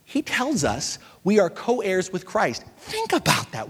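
Pastor guy preaching hard, lots of repeating lines, high voice ringing out in a big reverby hall. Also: huge pitch swings, a little slow, fairly bright tone, breathy edge. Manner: impassioned, repetitive preaching with rising and falling intensity. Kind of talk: sermon.

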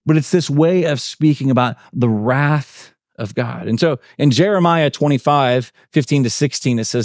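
A man's voice: normal speed, few pauses, no room sound, clean studio sound. A man preaching a sermon in a conversational way, full of fillers and tag questions, and he acts out the quotes he tells. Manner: acts out quotes with big pitch swings. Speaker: pastor.

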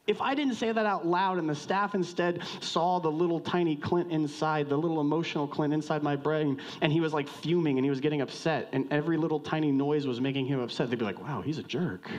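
A man preaching a sermon in a conversational, joking way, swinging from loud outbursts to hushed lines and questioning the congregation directly. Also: a little high, fairly even intonation, fast, hardly any pauses. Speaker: pastor.

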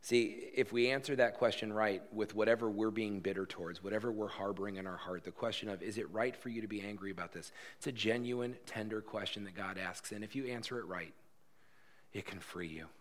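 A pastor preaches to his church, earnest and insistent, circling back to the same phrases. He has a somewhat low voice, and he turns louder and livelier when he jokes with the congregation. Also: a little fast. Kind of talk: sermon.

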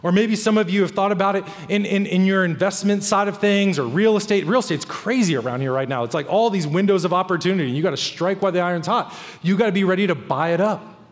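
High-voiced preacher man in a reverberant hall. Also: quick pace. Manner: emphatic, repeats key phrases. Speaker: pastor. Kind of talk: sermon.

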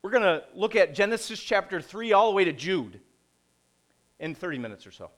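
A middle-aged man preaching a conversational sermon, posing rhetorical questions and pausing deliberately. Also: sits high, sing-song, fairly bright tone. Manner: slow, deliberate delivery with pauses. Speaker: pastor.

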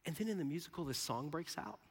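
A man preaching a sermon to a live audience in a large hall. He is animated, swinging from hushed whispers to loud bursts, and laughs often. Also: a little high, fast, slightly rough.

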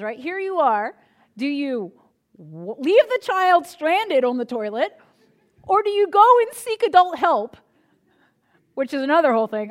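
A woman's voice: high-pitched, very animated, unhurried. A woman pastor preaching a sermon in a conversational style, telling humorous personal stories.

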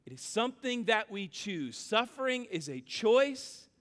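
High-voiced preacher in a reverberant hall. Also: male voice, unhurried. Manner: storytelling, animated with acted-out quotes. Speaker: pastor. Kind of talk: sermon.

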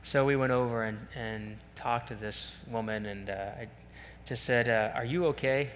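Bright-voiced pastor in a reverberant hall. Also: male voice, on the low side, moderate pace. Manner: conversational, animated storytelling with self-deprecating asides. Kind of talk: sermon with storytelling. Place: church sanctuary. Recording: long reverb in a large hall, faint hum.

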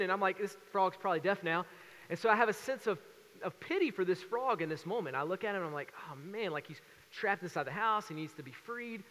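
A man in his thirties preaching a sermon as pastor, telling stories with lively acted-out voices. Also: sits high, long reverb tail. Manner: animated storytelling with acted voices.

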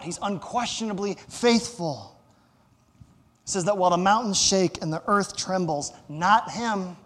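A man preaches as pastor in a fairly bright voice that sits high, with long hall reverb. He's emphatic, repeats phrases for stress, and asks the congregation to fill in words.

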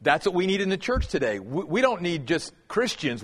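High-voiced preaching pastor in a hall. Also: male voice, big pitch swings. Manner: earnest preaching, slows down to stress key words. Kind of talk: sermon.

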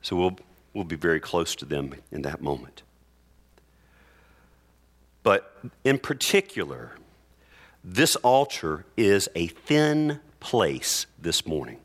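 A male pastor preaching earnestly in church, reading scripture aloud with slow, emphatic phrases. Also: deep voice, very animated. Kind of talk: sermon.

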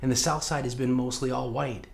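A man's voice: medium pitch, fairly even intonation, brisk, vocal fry. A man from St. Louis preaching a sermon, telling a personal story and speaking earnestly and directly to the congregation. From United States, St. Louis. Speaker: pastor.

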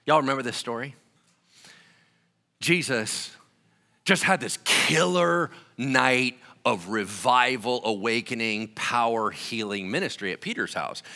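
A male pastor preaching a sermon in an animated, conversational way with casual slang. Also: medium pitch, unhurried.

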